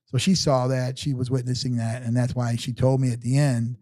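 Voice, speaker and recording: Older male guest, sixties, earnest storyteller, warm low tone, close and dry. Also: little pitch movement, brisk, no echo. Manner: earnest, rambling with frequent restarts. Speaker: podcast guest. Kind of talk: casual storytelling interview.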